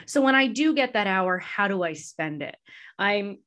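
A woman's voice: medium pitch, lively intonation, normal speed, a bit bright. A woman podcast host answering interview questions in a candid, reflective way, laughing easily. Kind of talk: casual conversational interview.

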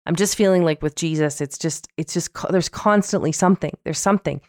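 A woman's voice: low voice, fairly quick, dry recording, clean studio sound. A woman in her thirties co-hosting a podcast, candidly telling dating stories in casual chat. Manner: candid, animated storytelling with quoted voices. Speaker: podcast co-host.

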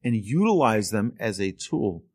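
A man teaching a Torah lesson through a lively story, acting out the voices of the people in it. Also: lowish voice, unhurried, no room sound. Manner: animated storyteller, acts out voices. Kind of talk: storytelling sermon.

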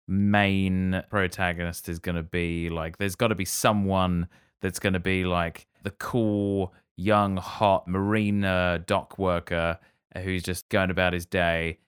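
A man's voice: sits low, little pitch movement, slow pace, clear, resonant tone, dry recording, studio quality. A man co-hosting a comedy podcast, speculating playfully and theatrically. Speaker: podcast co-host.

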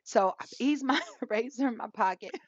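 A woman's voice: fairly high pitch, moderate pace, slightly rough, dry recording. Woman in her forties telling a story, laughs a lot, does the voices, kinda muffled dry recording. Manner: animated, laughs while telling stories, acts out dialogue. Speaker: podcast co-host. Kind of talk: casual storytelling chat. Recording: dull lo-fi dry sound.

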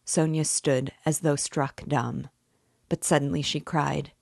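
Woman reading a novel aloud, slow steady pace, low voice. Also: creaky, slightly rough, dry recording, clean studio sound. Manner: measured, steady narration. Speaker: book reader and guide.

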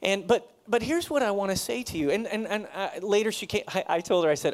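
Middle-aged male pastor, sermon delivery, fairly high pitch, chatty and self-deprecating. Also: fast talker, hardly any pauses. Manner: conversational, self-deprecating, laughs often. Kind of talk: sermon with a personal story.

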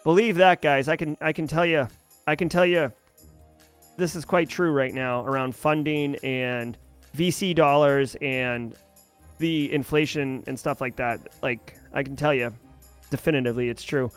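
Guy streaming, reads headlines then rambles about them, kinda higher voice, soft music under it. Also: steady tone, normal speed, smooth. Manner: chatty, reads headlines then riffs and answers chat. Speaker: livestream host. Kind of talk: casual news commentary.

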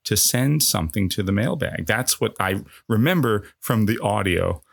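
Gravelly lower-voiced male co-host. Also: expressive, normal speed, no room sound, clean studio sound. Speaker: podcast co-host. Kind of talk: casual comedic chat.

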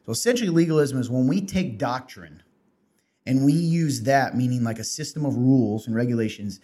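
A man's voice: medium pitch, expressive, fairly quick, dark tone. A man co-hosting a casual faith podcast, earnestly explaining church teaching in conversation. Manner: earnest, explaining, reads scripture aloud. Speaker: podcast co-host.

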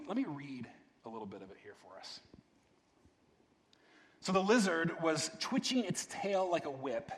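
A man preaching a sermon in a conversational way, often checking in with the congregation. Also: a little high. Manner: conversational, repeats "right?", restarts words. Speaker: pastor. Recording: long reverb of a large hall.

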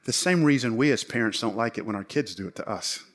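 A middle-aged man, a pastor, preaching a sermon in an animated, joking way. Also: mid-range voice, fast talker.

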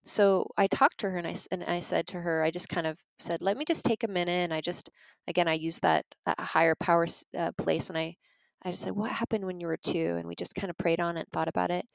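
Woman teaching about parenting, lowish gravelly voice, earnest storytelling, really dry close sound. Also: level tone, quick pace, no room sound, rough recording. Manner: conversational, addresses listeners as "you guys". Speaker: parenting and emotional wellness teacher. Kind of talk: informal teaching talk.

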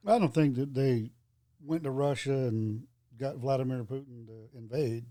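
A man's voice: mid-range voice, moderate pace, warm tone, no echo, clean studio sound. A man talking bluntly and dismissively in a casual chat.

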